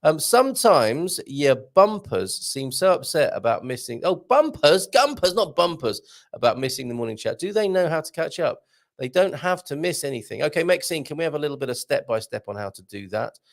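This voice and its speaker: A man's voice: mid-range voice, lively intonation, brisk, creaky. A man hosting a casual live morning show, reading out viewer comments and chatting with a jokey manner. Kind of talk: casual live-stream chat.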